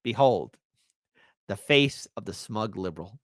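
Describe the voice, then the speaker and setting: A woman from Chicago hosts a casual online commentary show with a teasing, mocking delivery. Her voice sits low but leaps around in a lively way. The sound is dry and close. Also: measured pace, dry recording. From Chicago, USA. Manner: mocking, playful, bouncy delivery.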